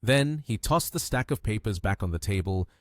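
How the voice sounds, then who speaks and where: Lively male story recap narrator. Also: on the low side, moderate pace.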